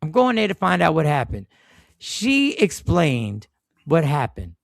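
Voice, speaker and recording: Gravelly high-voiced man ranting. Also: huge pitch swings, unhurried. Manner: heated, profane, emphatic. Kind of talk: casual live stream commentary.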